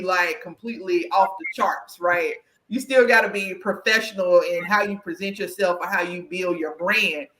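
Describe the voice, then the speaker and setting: Chatty Southern woman with a bright voice. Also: medium pitch, roomy sound, low-quality recording. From Southern United States. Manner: chatty, emphatic, often adds "right?". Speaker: podcast host and career coach. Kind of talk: conversational interview.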